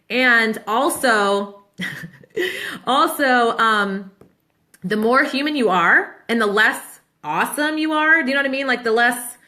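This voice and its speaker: A woman in her thirties, a business coach answering questions in a casual live Q&A, chatty and upbeat and quick to laugh. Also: a little high, pushed and bright. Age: 30s.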